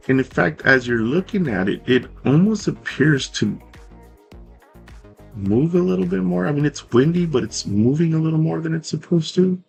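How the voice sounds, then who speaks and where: A man narrating a tabletop game as game master, in a relaxed, rambling way with fillers and self-corrections. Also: medium pitch, gravelly, breathy edge.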